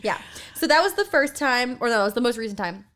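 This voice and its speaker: A woman's voice: on the high side, quick pace. A young woman telling family stories in a casual chat, laughing often and acting out the quotes. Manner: animated, laughing, acts out quotes. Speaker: storyteller.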